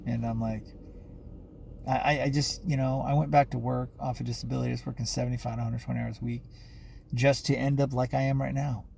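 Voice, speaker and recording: A man rambles on in a personal vlog, his voice gravelly and mid-pitched. He restarts sentences, leans on fillers and swears freely. A faint hiss sits under the recording. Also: little pitch movement, fast talker, darkish tone.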